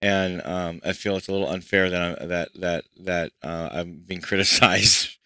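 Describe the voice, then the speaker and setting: This man has a low, clear, resonant voice that is bright and forceful, with fairly even intonation and normal speed, and there's no room sound. During a casual livestream he mixes music at home, rambling frustratedly through problems while music plays back faintly.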